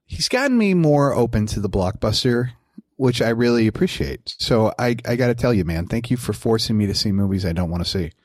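A man's voice: mid-range voice, lively intonation, a little fast, darkish tone, dry recording. Chill midwest guy on a podcast, dry humor, dry close sound. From American Midwest. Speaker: podcast co-host. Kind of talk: casual podcast chat.

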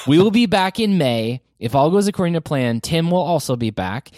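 Excited guy hosting a movie podcast, rambles, totally dry close mic. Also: fairly high pitch, normal speed, dry recording. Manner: animated, enthusiastic, rambling. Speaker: podcast host. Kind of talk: casual movie review chat.

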